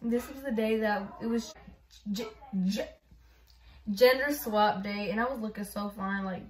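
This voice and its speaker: A woman's voice: medium pitch, fairly even intonation, measured pace, distant mic. A woman vlogging casually about her phone, chatty and rambling, with lots of "like" and "y'all". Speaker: YouTuber. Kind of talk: casual vlog phone walkthrough. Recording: roomy echo.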